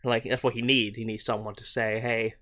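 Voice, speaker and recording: A man co-hosting a podcast, talking over a film in a casual, rambling way, full of "like" and restarts, and often getting excited. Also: on the low side, fast. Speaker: podcast co-host. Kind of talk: casual movie-review chat.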